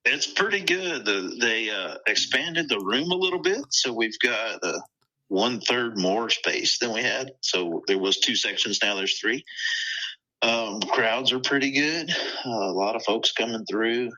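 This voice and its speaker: A man's voice: medium pitch, animated, measured pace, bright, forceful tone. A man calling in as a guest, talking easygoing and chatty over a phone line. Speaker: phone-in guest, knife maker. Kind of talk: casual phone chat.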